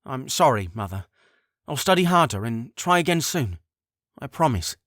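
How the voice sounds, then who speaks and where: An earnest young man speaks with a choked-up sincerity, as a man reads his lines. His delivery rises and falls in lively arcs. The recording is close and dry. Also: medium pitch, normal speed, dry recording. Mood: apologetic. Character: emotional young man, the king's advisor.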